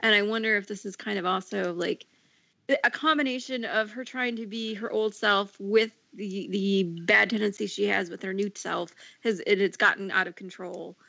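A woman's voice: medium pitch, fairly even intonation, normal speed, gravelly, bright, forceful tone, no echo. A woman co-hosting a casual podcast about a TV show, rambling with many fillers and restarts. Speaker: podcast co-host. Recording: dull lo-fi sound.

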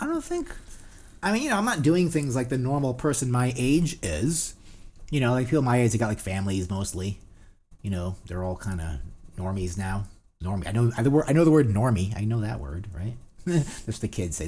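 A man's voice: on the low side, very animated, moderate pace, darkish tone. A man in his forties from New Jersey with a New Jersey accent, co-hosting a casual podcast, rambling and swearing with lots of fillers. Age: 40s. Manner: rambling, profane, ranting with many fillers. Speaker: podcast co-host. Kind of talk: casual banter.

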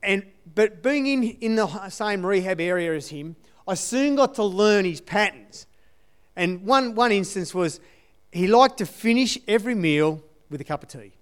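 A man's voice: high voice, expressive, normal speed, clean tone. A man giving a conversational sermon testimony in an earnest way, repeating his key phrases. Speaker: church speaker sharing testimony.

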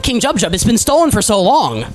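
A man's voice: sits high, wildly swooping pitch, fairly quick, voice pushed up. A man playing a flustered flower-armored guard. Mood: urgent. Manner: urgent, fussing. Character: flustered fairy-land guard, male adult.

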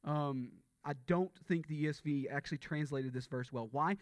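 A man's voice: a little high, fairly quick, hardly any pauses, no echo. A man preaching a sermon in a conversational way, often repeating words and asking the congregation rhetorical questions. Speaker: pastor.

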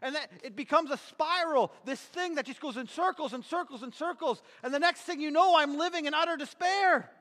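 Man, preacher, very high voice, emphatic, energetic, repetitive, long hall reverb. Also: brisk, hardly any pauses. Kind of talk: sermon with object lesson.

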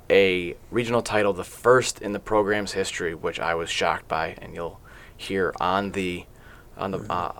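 Low-voiced rambling male podcast host. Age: late 30s. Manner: rambling, with frequent filler sounds. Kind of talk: casual sports interview. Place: podcast studio.

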